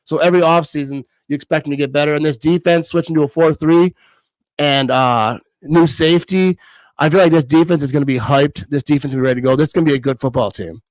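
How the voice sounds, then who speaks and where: A man's voice: a little high, fast, no echo, poor audio. Rambling man streaming from his desk. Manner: rambling, laughs often, repeats words. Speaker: livestream host reading comments. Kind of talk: casual live-stream chat.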